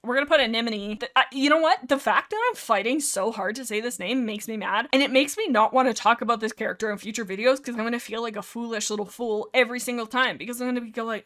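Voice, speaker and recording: A young woman giving casual, animated tier-list commentary, teasing herself and talking straight to each character. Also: a little high, fast talker, hardly any pauses. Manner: animated, self-mocking, talks to the characters directly. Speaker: YouTuber ranking characters.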